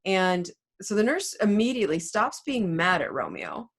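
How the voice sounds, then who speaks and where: A woman's voice: mid-range voice, big pitch swings, moderate pace, breathy edge. A woman, an English teacher, casually talking through a play and paraphrasing its characters in everyday speech.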